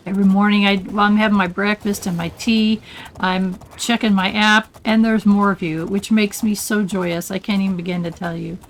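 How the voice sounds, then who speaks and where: An older woman hosting a relaxed let's play, chatting and rambling as she plays and often getting sidetracked. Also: medium pitch, moderate pace, a little hiss or hum, poor audio. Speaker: gaming channel host. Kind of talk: casual let's play commentary.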